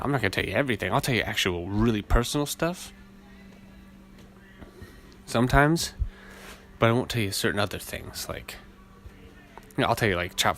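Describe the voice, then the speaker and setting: A man with a naturally low voice hosting a casual solo podcast, rambling and laid-back, swearing often. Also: fairly bright tone. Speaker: podcast host. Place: outdoors in a city, weed whacker nearby.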